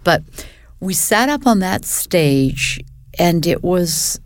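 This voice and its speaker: An older woman, a guest in a casual interview, talking reflectively and haltingly with many restarts. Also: fairly low pitch, big pitch swings.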